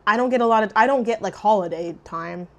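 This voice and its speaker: Young woman talking while she eats, swears a lot, gets loud then mumbles, medium pitch. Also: fast. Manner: loud, profane, swings into shrieks and mutters. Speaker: mukbang vlogger. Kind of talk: casual eating vlog chat.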